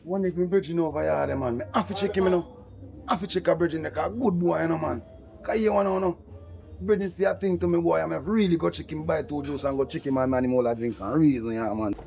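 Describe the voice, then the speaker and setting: A man's voice: a little high, quick pace, creaky, darkish tone, soft background music. An actor with a Jamaican accent playing a young man calling on a girl, with easygoing talk. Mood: casual.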